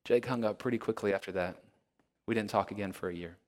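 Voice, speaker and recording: A male pastor preaching a sermon in an earnest storytelling way, now and then dropping to a hush for emphasis. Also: fairly low pitch, quick pace. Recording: long hall reverb.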